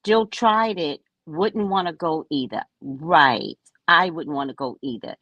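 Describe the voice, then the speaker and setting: A woman's voice: low voice, measured pace, fairly bright tone, no echo, muffled recording. A woman chatting casually with viewers on a home live stream, reading their comments aloud and answering them. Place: at home by the kitchen table.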